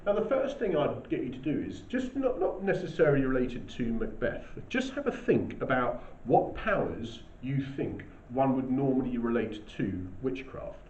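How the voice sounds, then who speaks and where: A man's voice: medium pitch, big pitch swings, moderate pace, few pauses, darkish tone. English male teacher, distant roomy sound. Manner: explanatory, frequent "okay?" checks. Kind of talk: classroom lesson. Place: classroom. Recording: distant, dull, roomy with faint hiss.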